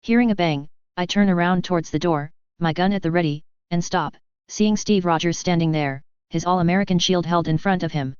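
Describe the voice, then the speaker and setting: A woman reading a fan fiction story aloud in a steady, even storytelling manner. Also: on the low side, normal speed, clean tone, no echo. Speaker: audiobook reader. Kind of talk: fan fiction audiobook narration. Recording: dry, slightly dull home recording.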